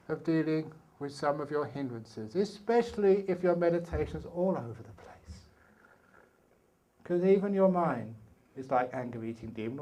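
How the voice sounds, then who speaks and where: A man in his sixties with a British accent, a meditation teacher telling a story in a slow, playful way with humorous asides during an evening dharma talk at a retreat. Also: on the high side, a little mellow. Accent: British English. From England. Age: 60s. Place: retreat hall.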